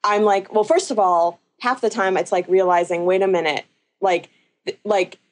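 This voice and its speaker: A woman's voice: mid-range voice, steady tone, moderate pace. A woman talking in casual conversation, rambling with many fillers and restarts.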